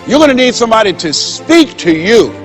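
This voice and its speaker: Guy giving a motivational talk, tells stories, acts out the dialogue, repeats lines like a preacher, kinda high voice. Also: sing-song, brisk, soft background music. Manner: storytelling, acting out quoted dialogue; emphatic, preacher-like repetition. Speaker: motivational speaker. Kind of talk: motivational speech.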